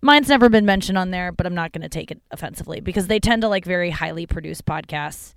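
Woman podcaster going off on tangents in her car, kinda low voice, super clear. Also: quick pace, no room sound. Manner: chatty, profane, self-deprecating tangents. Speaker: podcast host. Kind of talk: casual rambling monologue.

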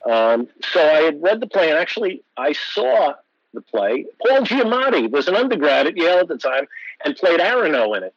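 A man in his sixties, an actor guest telling animated anecdotes and acting out the voices of people he quotes. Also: fairly high pitch, normal speed, no echo, lo-fi sound. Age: 60s. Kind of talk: storytelling interview.

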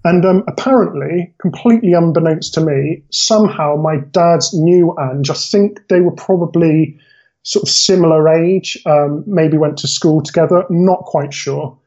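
A man's voice: a little high, moderate pace, a little mellow, highs cut off. A man guesting on a podcast, telling a long story in a chatty, rambling way and correcting himself often. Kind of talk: casual storytelling chat.

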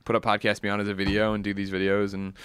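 A man hosting a podcast and reading listener questions in quick, teasing casual chat. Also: fairly low pitch, completely flat delivery, fairly bright tone, clean tone, no room sound. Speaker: podcast host.

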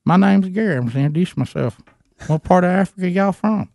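A man's voice: high-pitched, lively intonation, fast talker, creaky, darkish tone, no echo, studio quality, voice pushed up. Man putting on a twangy rural guy. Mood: puzzled. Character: blunt rural Southern man, a bulldozer operator.

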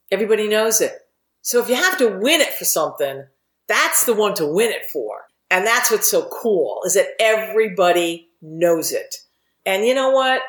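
A woman's voice: mid-range voice, animated, normal speed, roomy sound. A middle-aged woman telling candid, rambling stories about her TV career as an interview guest, swearing casually. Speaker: guest, TV writer and producer.

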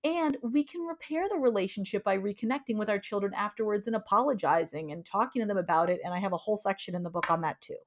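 A middle-aged woman, an author and guest in an interview, talking in an expressive, emphatic way with lively quoted asides. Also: mid-range voice, fast talker, hardly any pauses. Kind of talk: casual interview conversation.

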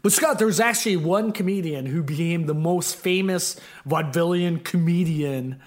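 A man's voice: fairly high pitch, normal speed. A man co-hosting a podcast in casual chat, rambling with many fillers as he tells a story. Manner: rambling, lots of fillers and restarts. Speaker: podcast co-host.

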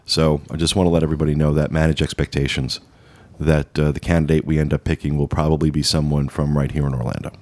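A man's voice: very deep voice, little pitch movement, fast, few pauses, a little mellow. A man hosting a casual podcast, talking through news and trip plans with a loose, rambling delivery full of fillers. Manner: rambling, many uh fillers, upbeat promo talk. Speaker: podcast host.

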